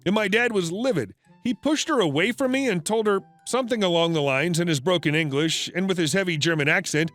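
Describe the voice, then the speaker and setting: High, lively male story narrator. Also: fairly quick, no room sound, faint music behind. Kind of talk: scripted narration of an online story.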